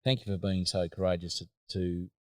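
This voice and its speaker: A man's voice: deep voice, fairly even intonation, a little fast, darkish tone, no room sound, clean studio sound. An Australian man hosting a casual chat, rambling and hesitant, with many fillers.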